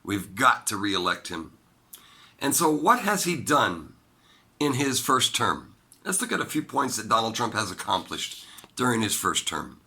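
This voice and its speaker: Gravelly man giving heated opinions. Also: sing-song, a little slow. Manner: emphatic, swings between loud high bursts and low quiet asides. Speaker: political commentator. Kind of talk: solo opinion monologue.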